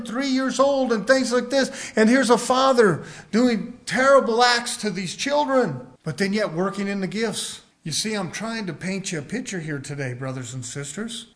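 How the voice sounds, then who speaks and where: A middle-aged man preaching a sermon, telling a personal story and rising to emphatic outbursts. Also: high-pitched.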